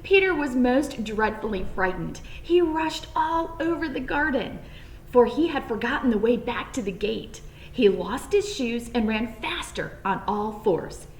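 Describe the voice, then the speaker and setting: A woman reads a children's storybook aloud, playful and expressive. Her voice sits a little high and moves around a lot. The room gives a roomy echo, with a faint background hum. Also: a little slow, few pauses.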